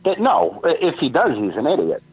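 A man's voice: a little high, huge pitch swings, fairly quick. A man from Boston calling in to a radio show, tipsy and laid-back in casual chat. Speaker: caller. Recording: dull lo-fi phone line.

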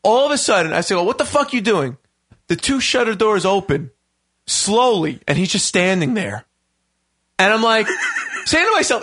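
A male radio host tells a rowdy, profane story in loose chat. He acts out the quotes in his tale and laughs his way through it. His voice sits high and sounds bright, with wide, lively swings in pitch. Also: normal speed.

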